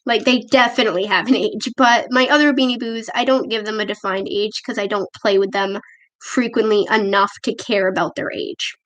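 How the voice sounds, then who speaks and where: A woman's voice: medium pitch, fairly even intonation, a little fast, a bit bright. A female vlogger chatting casually on a livestream, reading viewer comments in a self-deprecating way, recorded on a tablet at home. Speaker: livestream host. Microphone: tablet camera microphone.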